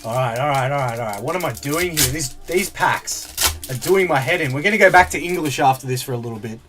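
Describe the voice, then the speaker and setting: A man's voice: medium pitch, lively intonation, quick pace, fairly bright tone. A man streaming as he opens card packs, chatting casually, reading out viewer comments and laughing often. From Australia. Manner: chatty, laughs a lot, reads out chat comments. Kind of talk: casual live-stream chat.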